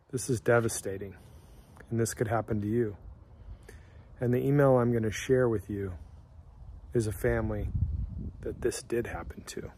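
A man's voice: lowish voice, fairly even intonation, moderate pace, pauses often, mellow, slight background noise. Man telling a second-person story. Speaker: host.

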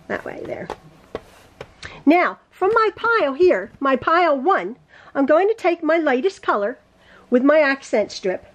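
High-voiced woman teaching quilting. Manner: rambling, self-correcting, talks while sewing. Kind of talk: chatty sewing tutorial. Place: home sewing room.

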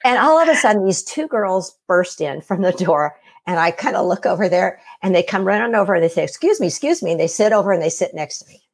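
A woman's voice: on the low side, expressive, fairly quick, hardly any pauses, breathy edge. A middle-aged woman casually telling her own story, acting out the voices of the people in it. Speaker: guest telling her near-death experience.

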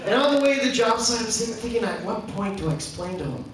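A Canadian man doing a stand-up comedy set in a club, telling stories in a deadpan way and acting out the people in them. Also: sits high, fast, a crowd in the background. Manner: deadpan storytelling with acted quotes. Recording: echoey club, distant mic, audience noise. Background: audience laughter.

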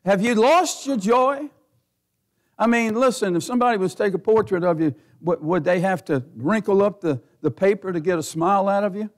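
A middle-aged man preaching a sermon as pastor, folksy and given to chuckles, rising to near-shouting as he presses his points. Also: high-pitched, brisk. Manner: folksy, laughs often, builds to near-shouting.

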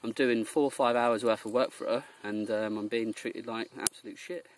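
A man's voice: medium pitch, fairly even intonation, moderate pace, slight background noise. A young man from Jersey ranting in a vlog, rambling and exasperated, often mimicking the people he complains about. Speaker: vlogger.

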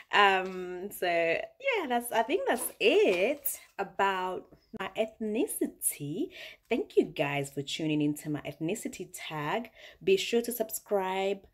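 A woman's voice: mid-range voice, sing-song, slow. A young woman from Uganda with a British South London accent, chatting playfully in a casual vlog and laughing often. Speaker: vlogger.

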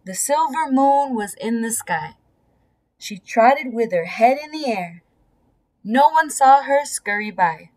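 A woman reading a bedtime story aloud in a gentle, storytelling manner. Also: fairly high pitch, expressive, slow. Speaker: storybook reader.

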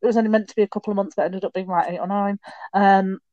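A young woman telling stories in a casual podcast chat, with quick asides and restarts. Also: medium pitch, little pitch movement, mellow, dry recording, muffled recording. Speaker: podcast guest.

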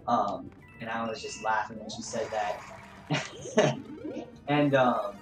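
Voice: mid-range voice, slow. A gaming streamer telling a store story in casual, rambling talk full of fillers. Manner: rambling, many fillers and "man". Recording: roomy echo with game music behind.

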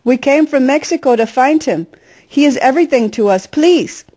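A woman's voice: sits high, lively intonation, normal speed, a little mellow, breathy edge, pitched above the performer's own voice. A woman reading a novel aloud, voicing a grieving mother who pleads and wails. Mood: pleading. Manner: pleading, wailing. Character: grieving, frantic middle-aged mother.

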